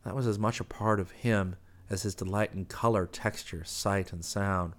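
A man reading a novel aloud as a steady, even audiobook narrator. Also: on the low side, moderate pace. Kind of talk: scripted narration.

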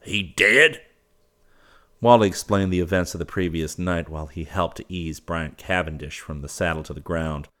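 Deep-voiced male audiobook narrator. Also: steady tone, fairly quick, few pauses.

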